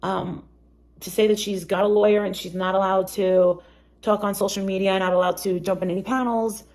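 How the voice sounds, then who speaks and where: A woman's voice: medium pitch, level tone, moderate pace, darkish tone. A woman talking on a live stream, hesitant and full of ums. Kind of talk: casual live chat.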